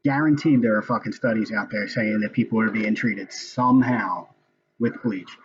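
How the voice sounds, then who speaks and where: This man, a political commentator, speaks at a normal pace in a fairly low voice, profanely venting his anger about a hearing he's watching in casual recorded commentary. The recording sounds muffled.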